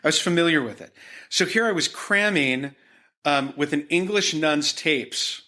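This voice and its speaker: Bright-voiced man telling a rambling story. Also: on the high side, expressive, unhurried. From Utah, United States. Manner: rambling, with frequent fillers and restarts. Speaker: podcast guest, art gallery owner. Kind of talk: conversational storytelling.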